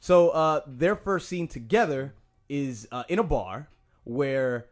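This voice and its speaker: A man's voice: medium pitch, animated, slow pace. A man co-hosting a podcast, chatting casually in a rambling, profane way full of fillers and restarts. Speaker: podcast co-host.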